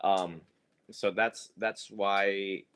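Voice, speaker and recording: A man's voice: deep voice, steady tone, very slow, fairly bright tone, clean tone. A man teaching students in a loose, joking way, rambling and laughing as he goes. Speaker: monk teacher. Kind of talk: casual teaching talk.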